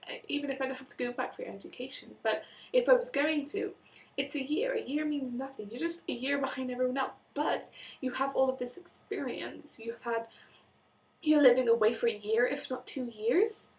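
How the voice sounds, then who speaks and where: A woman's voice: high voice, recorded from a distance. Chatty young Welsh woman vlogging. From Wales. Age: young adult. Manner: chatty, talks in quoted asides, many restarts. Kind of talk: casual vlog monologue.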